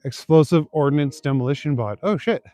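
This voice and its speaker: With a slightly high, warm voice and a brisk pace, a young man livestreams his night walk through the city, casually reading viewer comments and answering them. He's relaxed and chuckling, rambling with many fillers, in clean studio sound without echo.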